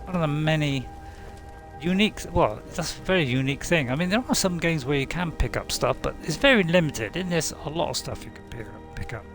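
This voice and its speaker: A man's voice: on the high side, lively intonation, fairly quick, music in the background. Chatty man narrating gameplay. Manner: chatty, rambling, many fillers and asides. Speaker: game streamer. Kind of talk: casual let's-play commentary.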